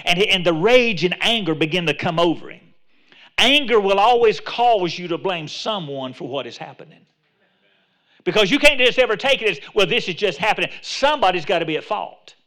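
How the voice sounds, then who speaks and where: High, bright-voiced preaching man. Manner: conversational preaching, rising to emphatic exhortation; repeats words and restarts phrases. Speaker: pastor. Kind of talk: sermon.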